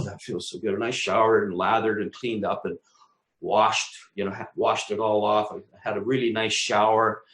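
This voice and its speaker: In an echoey room, a male talk show co-host with a lowish voice relates a colorful personal tale, playing out his own outbursts and cursing without restraint.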